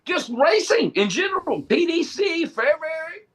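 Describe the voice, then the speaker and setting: Animated high-voiced man telling stories. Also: a little slow. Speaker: podcast co-host. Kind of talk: casual storytelling chat.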